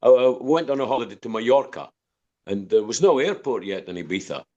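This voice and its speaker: On a podcast interview, a guest musician, an older man from Dundee with a Scottish accent, rambles through long stories, repeating words and starting over. His mid-range voice is expressive, mellow and fairly quick, and the audio has its highs cut off.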